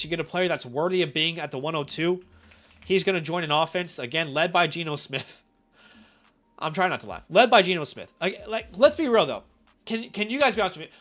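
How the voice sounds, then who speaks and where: A man hosts a casual live stream while fighting a cold, talking in a bright, forceful voice. He is chatty and animated, and keeps turning to his audience with direct questions. Soft music plays faintly under his voice. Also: fairly high pitch. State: has a cold. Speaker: fantasy football live-stream host.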